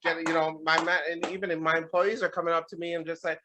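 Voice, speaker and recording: A man co-hosting a podcast, telling a story in a casual, animated and profane way. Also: fairly high pitch, fast, few pauses, slight background noise. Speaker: podcast co-host. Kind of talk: casual chat.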